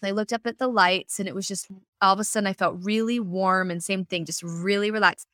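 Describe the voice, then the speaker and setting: A woman's voice: mid-range voice, fairly quick, a bit bright, no room sound, clean studio sound. A woman hosting an interview podcast, talking in an earnest, emotional way with loose, restarting sentences. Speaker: podcast host.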